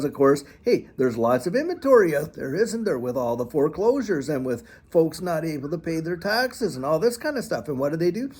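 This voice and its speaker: A man hosting a finance channel, giving a folksy, animated commentary monologue and repeating phrases as he talks. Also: a little high, husky. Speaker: crypto channel host.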